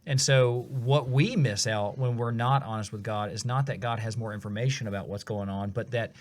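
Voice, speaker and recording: An earnest man talks through faith on a podcast. His voice sits at an ordinary pitch. He is reflective and often restarts his thoughts. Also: fairly even intonation, normal speed. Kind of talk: casual faith discussion.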